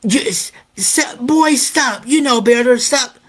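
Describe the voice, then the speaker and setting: A man voicing a stern female schoolteacher in his story, scolding in a husky voice. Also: very high voice, slow, a bit bright, pitched above the performer's own voice, heavily acted.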